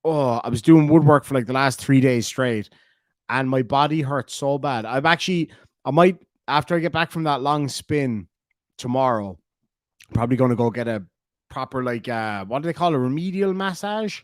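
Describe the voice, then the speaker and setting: An Irish man chats loosely on his livestream, reading out viewer comments and wandering between stories with plenty of ums and uhs. His voice sits at an ordinary middle pitch. The sound is close and dry, with no room around it. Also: moderate pace, no echo. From Ireland. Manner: rambling, chatty, many fillers. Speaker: livestream host. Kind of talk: casual live chat reading comments.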